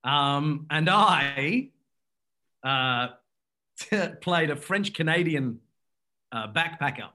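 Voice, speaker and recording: Here the man sounds fairly high, animated, bright and forceful. As a guest in relaxed conversation, he rambles through a story, breaking off and starting over, quick to laugh.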